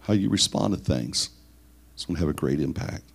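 Gravelly and husky, a man's very deep voice moves a little fast and animated through a leadership talk aimed at church leaders. He counts off numbered points, asks rhetorical questions, and repeats words often.

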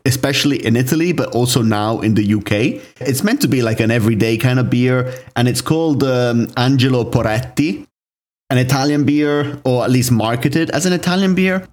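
A man's voice: medium pitch, moderate pace. Chatty young man co-hosting a podcast. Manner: relaxed storytelling, frequent "like" fillers. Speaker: podcast co-host. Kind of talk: casual chat.

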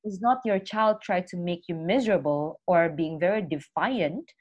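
A woman in a relaxed conversation, explaining ideas about parenting thoughtfully. She works her points out as she goes, with occasional small grammar slips. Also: lowish voice, normal speed, highs cut off. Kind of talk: casual podcast conversation.

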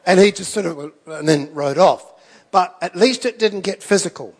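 A man's voice: high voice, expressive, a little slow, husky, big-room sound. A man preaching a sermon, telling stories in a conversational way with self-deprecating asides. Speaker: pastor.

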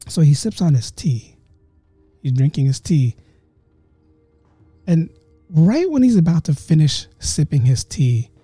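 A man tells a ghost story on his podcast, his voice very dark and mellow and sitting a touch high. He chats straight to his listeners and slows down to build suspense. The sound is close and dry, with faint music behind. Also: no room sound. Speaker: podcast host. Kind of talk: casual ghost story telling.

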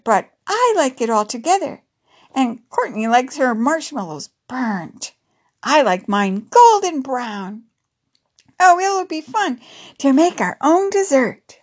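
A woman doing a bubbly excited young girl. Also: on the high side, slightly rough, voice pushed up, exaggerated voice. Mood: chatty. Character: lively young girl explaining s'mores.

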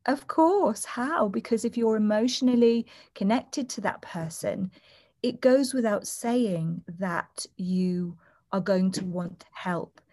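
A woman's voice: mid-range voice, slow, dark tone. A woman who works as a doula and author, speaking as a guest in a conversational interview, earnest and storytelling. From United Kingdom. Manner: earnest, acts out quoted voices while telling stories.

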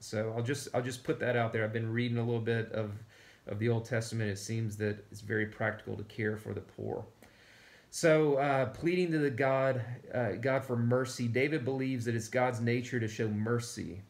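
A man's voice: mid-range voice, fairly even intonation, normal speed. A man preaching a conversational sermon to an online audience, earnest and rising to emphatic calls. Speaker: pastor. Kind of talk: livestreamed sermon.

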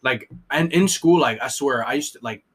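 A young man tells a long story on a casual podcast, rambling and profane. He leans hard on filler words and restarts, and his pitch sits in the middle. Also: moderate pace, fairly bright tone, breathy edge. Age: young adult. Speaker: podcast co-host telling a story.

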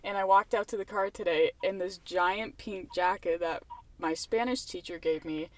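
A woman's voice: lowish voice, steady tone, normal speed. A young woman hosting a podcast from inside a car, chatting casually and rambling with lots of fillers and laughter. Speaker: podcast host. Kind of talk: casual chat.

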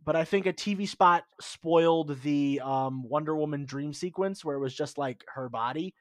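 A man hosting a podcast in casual chat, excitable and swearing freely. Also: a little high, moderate pace, dry recording, studio quality. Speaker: podcast host.

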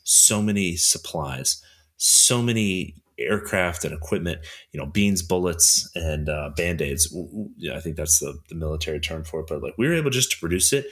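A man's voice: sits low, a bit bright. A man co-hosting a history podcast, talking casually and rambling with lots of fillers. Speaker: podcast co-host.

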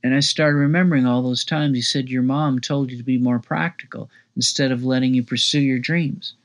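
A man reads a first-person memoir aloud with a gravelly, fry-laced voice. He keeps a low-key, wry storytelling tone at a middling pitch. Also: fairly even intonation, brisk. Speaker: narrator.

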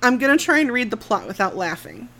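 A woman's voice: a little high, very animated, brisk, bright, forceful tone, slight background noise. A woman co-hosting a casual movie review podcast, talking frankly with plenty of swearing, laughing often and sometimes trailing off mid-thought. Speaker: podcast co-host.

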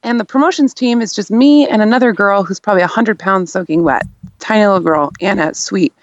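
A woman's voice: medium pitch, fairly quick, dry recording, dull audio. A young adult woman, a radio guest, telling a story in casual chat with lots of laughter.

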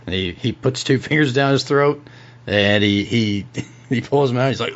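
A man's voice: mid-range voice, normal speed. A young man narrating a tabletop role-play game as game master, often stammering and laughing. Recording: dull lo-fi recording.

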